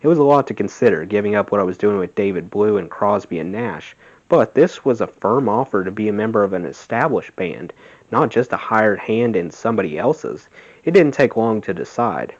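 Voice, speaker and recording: A man reading a memoir aloud in a steady, plain voice. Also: on the low side, a little fast. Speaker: audiobook reader. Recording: dull lo-fi sound.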